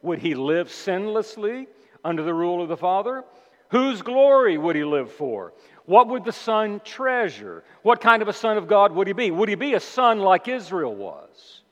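A man's voice: sits high, big pitch swings, normal speed. A male pastor preaching a sermon with emphasis, posing rhetorical questions to his congregation in a church. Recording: long reverb of a large hall.

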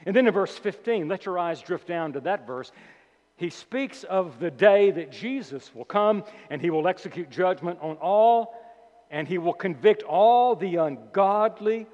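A man preaching a sermon as pastor, emphatic and deliberate, repeating key words slowly for weight. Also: sits high, darkish tone. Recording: dull lo-fi sound with long hall reverb.

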